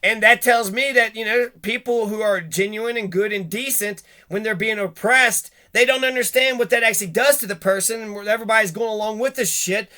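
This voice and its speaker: Brief: male commentator, high pitch, profane and animated, casual monologue. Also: brisk, few pauses.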